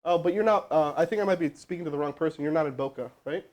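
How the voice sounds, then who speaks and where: A man's voice: fairly high pitch, racing. A man making a live cold sales call and then coaching his crew, talking casually with lots of fillers and restarts. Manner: energetic, rambling, full of fillers.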